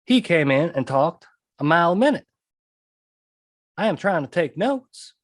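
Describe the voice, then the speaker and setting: A man's voice: fairly high pitch, big pitch swings, measured pace, no echo, studio quality. Emphatic man hosting a podcast. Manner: emphatic, repeats key points, asks "okay?". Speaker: podcast host and trial consultant. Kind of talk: podcast monologue.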